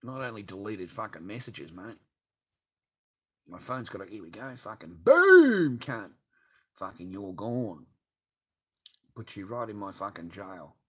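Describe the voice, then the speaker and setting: A man's voice: sits low, unhurried, long pauses, breathy edge. A man hosting a livestream and reading viewer chat, talking in a profane, rambling, blunt way. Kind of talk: casual livestream rant.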